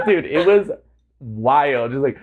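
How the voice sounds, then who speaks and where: A man's voice: medium pitch, slow pace, narrow, tinny audio, slight background noise. A man hosting a podcast, telling a story in casual chat and acting out the quotes as he laughs. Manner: animated, acts out quotes, laughs often. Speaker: podcast host.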